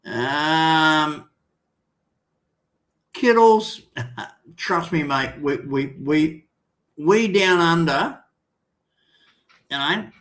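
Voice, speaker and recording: An older Australian man hosting a livestream, chatting casually and reading out viewer comments in a rambling, halting way with many restarts. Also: a little high, fairly bright tone. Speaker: livestream host.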